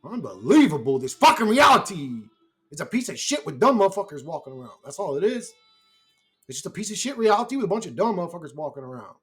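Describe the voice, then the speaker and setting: A man's voice: a little high, very animated, brisk, pauses often, soft background music. A man talking alone on his channel in a brash, profane, rambling monologue, laughing often at his own remarks. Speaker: YouTuber.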